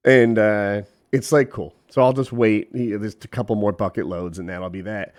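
A man's voice: lowish voice, moderate pace. A middle-aged man telling a story in casual chat, quoting the people in it and swearing freely. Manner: animated, profane, quotes people in voices.

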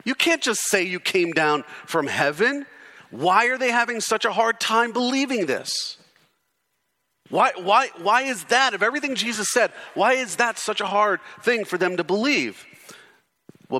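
A man preaching a sermon in a lively, rising-and-falling voice with a bright, forceful edge. He presses his points with repeated rhetorical questions, then sinks low and intense to drive them home. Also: measured pace. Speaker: pastor. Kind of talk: expository sermon.

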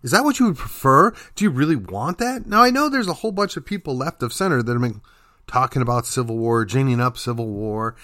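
A man's voice: medium pitch, animated, a little fast, sharp tone, dry recording, studio quality. A man hosting a political commentary show, delivering an emphatic opinion monologue with sarcastic asides.

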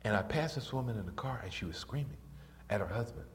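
Animated older male preacher in a reverberant hall. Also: quick pace, slight background noise. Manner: animated, rises high and loud when excited, drops soft in stories. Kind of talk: sermon with storytelling.

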